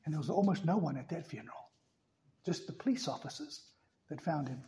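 A male pastor preaching a sermon emphatically, swinging between loud passages and hushed ones. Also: on the high side, expressive, brisk.

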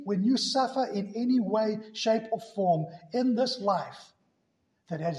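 High-voiced preacher in an echoey room. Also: male voice, a little mellow. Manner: measured outline of verses, earnest. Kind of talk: sermon.

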